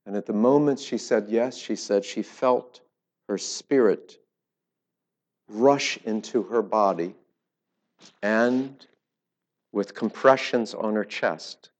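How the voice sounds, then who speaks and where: Low-voiced man preaching a story. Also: takes it slowly, long pauses. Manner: storytelling with swings in loudness. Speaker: preacher, former pastor. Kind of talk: sermon.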